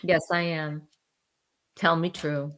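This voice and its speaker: Bright, teasing woman podcast host. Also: sits low, little pitch movement, slow. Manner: teasing, giggly. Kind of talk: casual chat.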